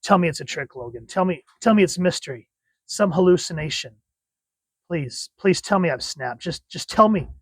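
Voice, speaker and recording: A man voicing a shaken adult male superhero, reading in a hushed, strained way. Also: fairly high pitch, expressive, normal speed, slightly rough, no room sound, studio quality. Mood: distraught.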